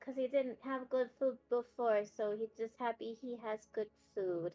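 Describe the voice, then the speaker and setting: A woman's voice: a little high, normal speed, warm tone, faint music behind. A woman playing a tabletop game, talking casually with hesitant restarts. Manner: casual, hesitant, with repeated words. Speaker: player.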